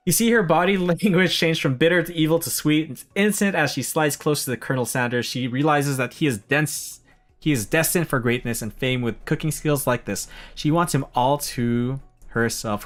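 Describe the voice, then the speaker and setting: A man's voice: mid-range voice, normal speed, faint music behind. A man streaming a game, reading it aloud and chatting casually in a goofy, self-deprecating, slangy way.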